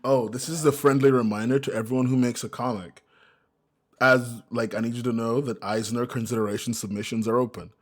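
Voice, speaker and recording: A man's voice: mid-range voice, steady tone, brisk. A young man co-hosting a casual podcast, joking, swearing and laughing often. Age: young adult. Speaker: podcast co-host.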